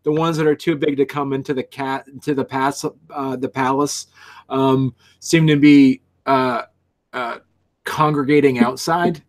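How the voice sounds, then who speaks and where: A man narrating a tabletop game as game master, halting and full of restarts. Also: medium pitch, fairly even intonation.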